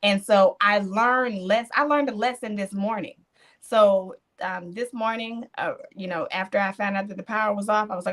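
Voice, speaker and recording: A woman hosting a podcast, telling stories in an animated way with churchy affirmations. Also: medium pitch, normal speed. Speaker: podcast host. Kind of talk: casual podcast chat.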